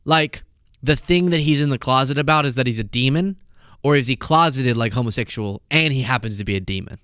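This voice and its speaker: A man's voice: a little fast, smooth, no room sound, clean studio sound. A man hosting a casual political commentary show, laughing and mocking as he reacts to clips. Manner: animated, laughing, mocking, high-pitched impressions. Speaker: host. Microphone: studio mic.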